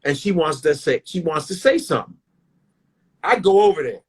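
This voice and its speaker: A husky middle-aged man spinning profane stories in loose, animated bursts. He sits a little high in pitch for a man and keeps cutting himself off and restarting. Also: normal speed. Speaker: stand-up comedian, guest. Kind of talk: casual storytelling.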